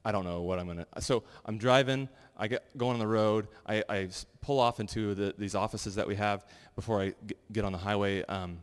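A man giving a sermon and sharing personal testimonies in a loose, animated, conversational way full of fillers. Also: on the low side, a little fast, hardly any pauses, clean tone. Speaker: pastor. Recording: long hall reverb.

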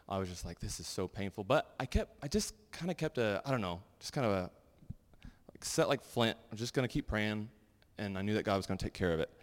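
A man giving a sermon and sharing personal testimonies in a loose, animated, conversational way full of fillers. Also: on the low side. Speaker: pastor. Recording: long hall reverb.

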